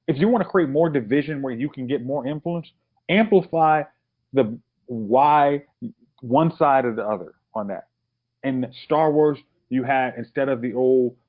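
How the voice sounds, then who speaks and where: Man, opinionated ranting, mid-pitched voice, tinny phone-like sound. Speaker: podcast co-host. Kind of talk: casual podcast chat.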